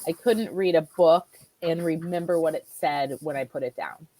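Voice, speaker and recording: A woman guest telling her own health story in a chatty, animated way, often restarting her sentences. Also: low-pitched, normal speed. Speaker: guest, nutritional therapy practitioner. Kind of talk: conversational personal storytelling.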